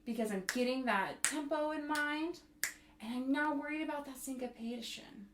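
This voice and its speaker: A woman's voice: high voice, normal speed, fairly bright tone, faint music behind. Woman singing out rhythms in an echoey room. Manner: counts and sings rhythms aloud. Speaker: bassoon instructor. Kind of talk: music tutorial. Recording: echoey room, faint noise.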